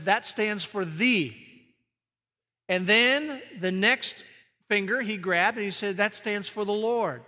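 Male preacher, slow and dramatic, loud proclamations dropping to hushed emphasis, long hall reverb. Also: high voice. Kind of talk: sermon.

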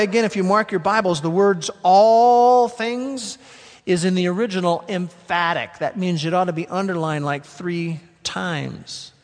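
A man preaching a sermon as pastor, emphatic, slowing down to stress key words. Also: high-pitched, fairly bright tone. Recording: long hall reverb.

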